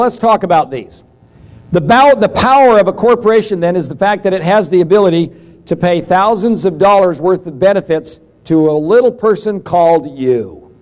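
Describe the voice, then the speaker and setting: A middle-aged man with a high-pitched, slightly mellow voice gives a business seminar lecture about taxes. His style is folksy, and he likes to act out little dialogues to make a point.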